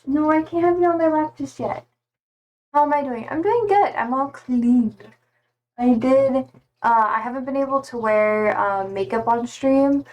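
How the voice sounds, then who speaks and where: Chatty young woman streaming, slightly high. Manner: chatty and loose, swears casually, greets viewers by name. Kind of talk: casual live-stream chat.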